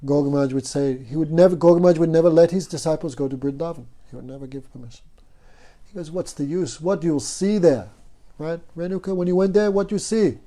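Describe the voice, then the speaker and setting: A man's voice: fairly high pitch, quick pace, warm tone. A man teaching a devotional class in a storytelling way, often asking his listeners "no?". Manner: storytelling, asks the audience "no?" often. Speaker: spiritual teacher.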